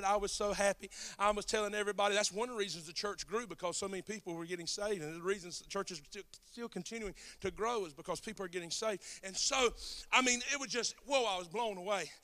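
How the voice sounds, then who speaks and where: High bright preacher man. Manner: storytelling, building to shouted preaching with singsong cadence; Southern dialect, "ain't", "y'all", "fixing to". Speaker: pastor. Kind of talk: sermon.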